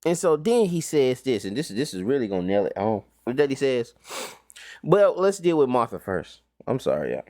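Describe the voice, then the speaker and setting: A man's voice: mid-range voice, big pitch swings, moderate pace, a little mellow, no room sound, clean studio sound. A man teaching an informal Bible study recap, talking casually with slang and rhetorical questions.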